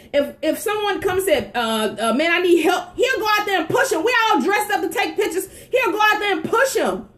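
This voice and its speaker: A woman telling a story about her husband in a casual live-stream chat, animated and laughing, talking straight to her viewers. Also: very high voice. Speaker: wife co-hosting a live stream. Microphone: phone.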